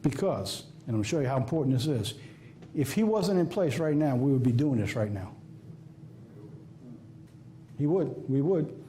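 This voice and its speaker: A man's voice: medium pitch, animated, brisk, warm tone, a little hiss or hum. A man with a Southern US accent preaching a sermon, emphatic and folksy, firing off rhetorical questions. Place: church office or studio.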